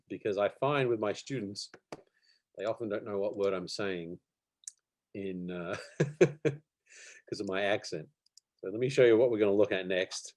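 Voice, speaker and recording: Relaxed middle-aged man teaching animation. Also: on the low side. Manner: relaxed and chatty, with many fillers and soft laughs. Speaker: animation instructor. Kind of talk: live online workshop with screen sharing. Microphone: video call.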